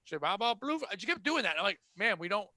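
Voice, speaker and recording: A high-pitched man talks rapid-fire in a dry recording, hosting a podcast. He spins a casual retail work tale with blunt sarcasm, animatedly voicing the people in it.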